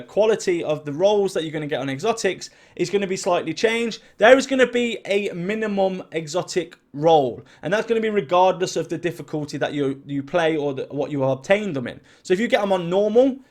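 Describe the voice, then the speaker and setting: A man reading out game patch notes in casual commentary, chatty and excitable, with quick asides. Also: on the high side. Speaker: gaming YouTuber. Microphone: desk mic at a home gaming setup.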